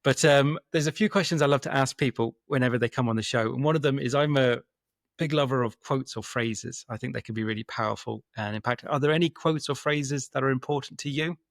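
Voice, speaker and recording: A man's voice: mid-range voice, quick pace, creaky, no room sound. Male podcast host, conversational, stop-start phrasing, dry close sound. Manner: chatty, repeats words as he gathers thoughts. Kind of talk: casual interview chat.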